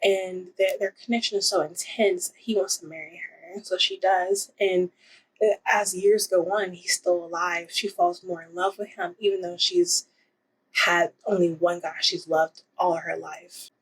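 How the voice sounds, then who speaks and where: A woman's voice: fairly low pitch, steady tone, a little slow, breathy edge, poor audio. A young woman casually reviewing romance books in a rambling, giggly way, with lots of fillers. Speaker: book vlogger. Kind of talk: casual book review vlog.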